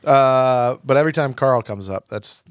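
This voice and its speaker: Man, podcast co-host, crude casual banter, medium pitch, dry sound. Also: moderate pace, clean tone, no echo. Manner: crude, joking, puts on bad British accents.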